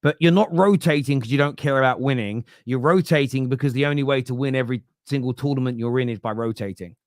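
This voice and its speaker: A young man talking football from home as a pundit, answering viewer comments in a loose, animated way that trails off and restarts. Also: medium pitch, fast, no room sound, studio quality. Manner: animated, laughing, self-interrupting. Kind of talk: live football chat reading viewer comments. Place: home room.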